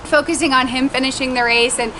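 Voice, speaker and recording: Young woman telling a race story, high voice, bright and lively, faint background noise. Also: quick pace. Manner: animated, acts out quotes in a higher voice. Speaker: vlogger recounting her first marathon. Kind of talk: casual storytelling.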